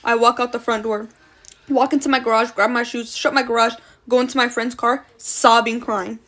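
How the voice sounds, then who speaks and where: Higher-voiced woman telling a blunt storytime. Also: level tone, normal speed, sharp tone. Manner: blunt, slangy, swears freely. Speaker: storytime creator. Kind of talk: casual storytime monologue.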